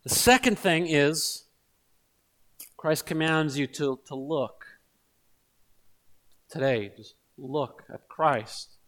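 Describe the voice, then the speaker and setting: High-voiced earnest male preacher. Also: takes it slowly, pauses often, a bit bright. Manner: earnest, builds to emphatic repeated appeals. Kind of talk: sermon.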